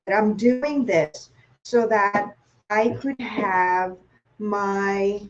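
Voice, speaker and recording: A woman's voice: mid-range voice, very slow, muffled recording. A woman from Thailand with a Thai accent, hosting a live online cooking class, chatty and playful, asking viewers questions as she works.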